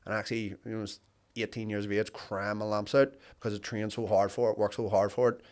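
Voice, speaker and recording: A man's voice: on the low side, level tone, fairly quick, darkish tone. A man, a podcast guest who speaks reflectively in a casual chat. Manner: reflective, frequent backchannel agreement. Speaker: podcast guest, business owner.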